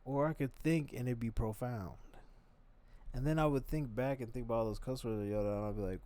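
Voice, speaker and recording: A man giving loose, profane reaction commentary on videos, rambling and swinging between loud bursts and mutters. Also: mid-range voice, steady tone, fairly quick.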